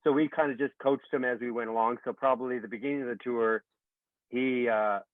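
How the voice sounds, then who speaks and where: A man's voice: medium pitch, brisk, dry recording. Storytelling man on a thin line. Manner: storytelling, animated, laughs easily. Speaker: show host, former BMX rider. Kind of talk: casual podcast chat. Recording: thin phone-like sound.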